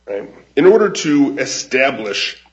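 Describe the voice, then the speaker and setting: Measured man arguing in court, dull audio. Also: mid-range voice, sing-song. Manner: measured, formal, with frequent restarts. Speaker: attorney arguing an appeal. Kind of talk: courtroom oral argument.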